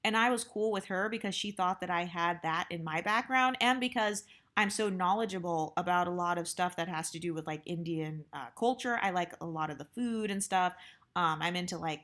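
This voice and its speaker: A woman's voice: lowish voice, normal speed, fairly bright tone. A young adult woman telling a workplace story in a casual, rambling way, full of fillers and blunt asides. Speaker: storytime vlogger.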